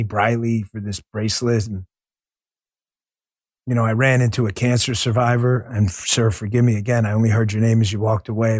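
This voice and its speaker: A man's voice: on the low side, slightly rough, dry recording, studio quality. A man hosting a political talk show, speaking bluntly and earnestly and swearing freely. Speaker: podcast host.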